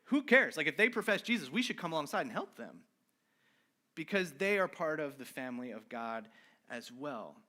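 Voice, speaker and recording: A male pastor preaches in an easygoing, conversational way, tossing in "right?" between points and openly owning his own weaknesses. His voice sits a little high for a man and has a bright, forward edge. The delivery is lively and informal rather than formal. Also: moderate pace. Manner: animated and informal, with frequent "right?" asides; candid and self-deprecating about his own failings. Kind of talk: conversational sermon.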